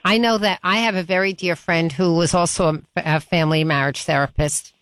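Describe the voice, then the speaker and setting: A woman's voice: on the low side, steady tone, fairly quick, a bit bright, dry recording. Woman radio host in a dry studio. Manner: conversational, with small restarts and asides. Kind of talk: call-in radio interview.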